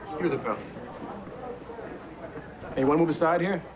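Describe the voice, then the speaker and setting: Actor playing a brusque American detective. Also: male voice, a little high, normal speed, dull audio, natural voice. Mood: pushy. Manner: brusque, pushy questioning. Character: blunt American police detective. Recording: noisy old videotape broadcast.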